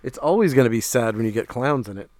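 A man's voice: medium pitch, animated, fast, darkish tone, no echo. A man co-hosting a casual chat about comics, talking with enthusiasm. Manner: enthusiastic, laughs easily. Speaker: podcast co-host.

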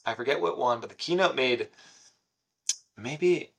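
A man's voice: medium pitch, lively intonation, unhurried, creaky, a bit bright, breathy edge. A man co-hosting a podcast in easygoing casual chat, talking in loose run-on thoughts. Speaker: podcast co-host.

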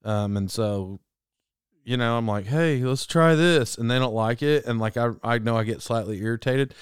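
A man hosting a comedy podcast alone, rambling through an animated monologue, often stopping and restarting mid-sentence. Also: on the low side, normal speed, clean tone, dry recording, clean studio sound. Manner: rambling, self-interrupting, animated. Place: alone in a room.

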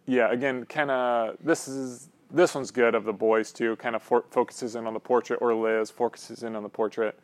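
A man's voice: medium pitch, fairly even intonation, moderate pace, few pauses. A man preaching a conversational sermon as pastor, loose and rambling, often checking in with his listeners. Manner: casual, rambling, frequent "um" and "right?".

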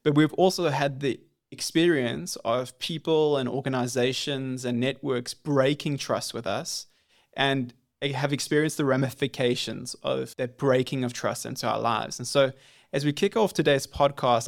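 A man hosting a podcast, who asks his questions in a measured and reflective way. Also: medium pitch, steady tone, gravelly. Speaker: podcast host. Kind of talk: interview questions.

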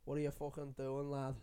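A young adult man, a stand-up comedian, rambling in a casual, excitable monologue full of swearing. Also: medium pitch, clean tone. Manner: profane, chatty, excitable.

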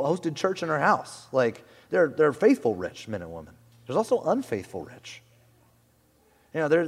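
A man preaching a sermon in a conversational, animated way, often saying "like" and "you know", in a church hall. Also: mid-range voice. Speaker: pastor.

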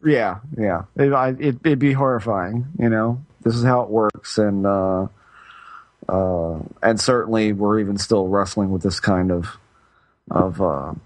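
A middle-aged podcast co-host chats casually, telling a rambling story in a lowish voice at a measured pace. He keeps interrupting himself and restarting sentences, and there is no echo.

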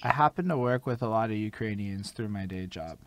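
A man's voice: fairly low pitch, lively intonation, brisk. A man hosting a casual interview, laid-back and slangy, with emphatic praise.

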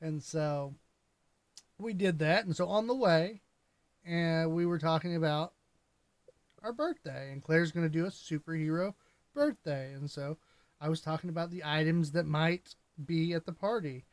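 Lively higher-voiced young man storytelling. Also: moderate pace, no echo. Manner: animated storyteller, laughs often. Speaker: podcast co-host. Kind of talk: casual podcast chat.

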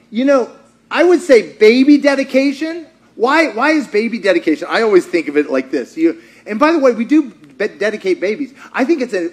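Animated high-voiced male preacher. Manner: animated, swings between shouting and hushed. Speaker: pastor. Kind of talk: sermon.

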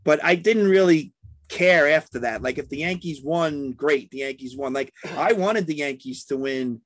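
A man's voice: a little high, moderate pace, no echo. A man in casual sports chat, telling rambling stories with many restarts.

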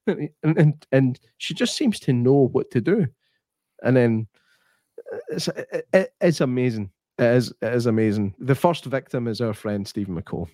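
A man's voice: medium pitch, moderate pace, dry recording, clean studio sound. A Scottish man co-hosting a podcast, swearing freely and acting out quotes as he tells stories in casual chat. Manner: sweary, animated storyteller who acts out quotes. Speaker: podcast co-host.

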